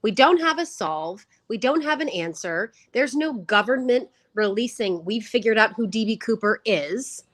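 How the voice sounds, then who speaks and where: A woman's voice: a little high, animated, normal speed, hardly any pauses, dry recording. A middle-aged woman from California co-hosting a podcast at home, earnest and argumentative in casual chat. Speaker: podcast co-host.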